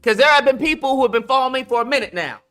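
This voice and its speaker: A man's voice: very high voice, animated, racing, pushed and bright, soft background music. A man hosting a live call-in stream, blunt and emphatic, slangy, repeating his points for effect. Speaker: livestream host. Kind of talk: casual commentary with callers.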